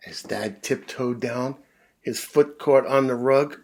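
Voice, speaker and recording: A man reading a children's picture book aloud, animated, with big voices and sound effects. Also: mid-range voice, slow pace. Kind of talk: read-aloud storytelling for kids.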